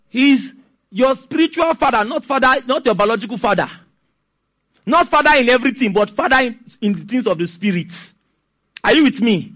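A man with a Nigerian accent preaching a sermon as pastor, telling stories with laughter and asking the congregation to respond. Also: very high voice. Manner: animated, storytelling with laughs and call-and-response.

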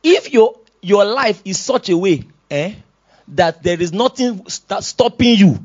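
A Nigerian man preaching a sermon as pastor, moving from quiet asides to loud shouted exhortations. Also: sits high, lively intonation, measured pace, muffled recording. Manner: swings from soft asides to loud shouted exhortations, laughs often.

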